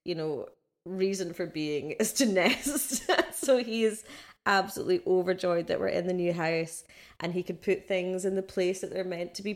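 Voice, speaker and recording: A pregnant woman co-hosting a casual podcast, telling animated stories and laughing often. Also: fairly low pitch. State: six months pregnant. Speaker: co-host.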